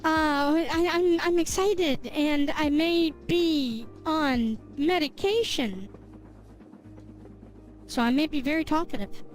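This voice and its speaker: Bubbly high-voiced woman streamer. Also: slow, soft background music. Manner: bubbly, rambling, swears casually. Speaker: game streamer. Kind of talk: casual live-stream chat.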